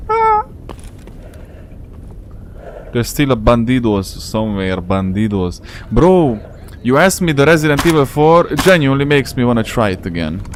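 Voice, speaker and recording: A man streaming a game and chatting with his viewers in a rambling, slangy way, his English carrying a non-native accent. His voice sits at an ordinary middle pitch, with faint background noise under the talk. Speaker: gaming streamer. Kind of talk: casual live gameplay commentary.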